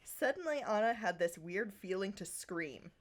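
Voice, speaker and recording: A woman's voice: medium pitch, animated, moderate pace. A woman podcast host in casual chat, giggling as she reads her own fan fiction aloud with playful emphasis.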